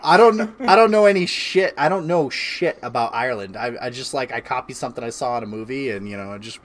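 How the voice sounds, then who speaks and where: A man in his thirties hosts a laid-back home stream, rambling through a story. He restarts his sentences often and chuckles along the way at an ordinary middle pitch. A faint hiss sits under his voice. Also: fast. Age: 30s. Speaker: streamer host. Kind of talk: casual chat. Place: home, by a fireplace.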